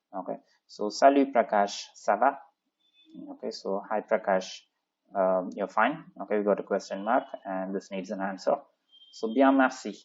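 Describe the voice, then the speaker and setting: Lower-voiced man teaching French lesson. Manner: explains in English, reads French aloud, many "okay, so" fillers. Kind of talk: textbook lesson walkthrough. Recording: dull lo-fi sound.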